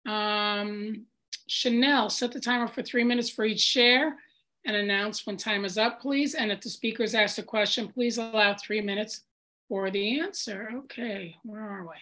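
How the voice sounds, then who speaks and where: A woman leading an online meeting over a video call, reading the guidelines in a clear, procedural way. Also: medium pitch, steady tone, moderate pace, bright, forceful tone, poor audio. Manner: clear, procedural, brief asides. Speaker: meeting leader.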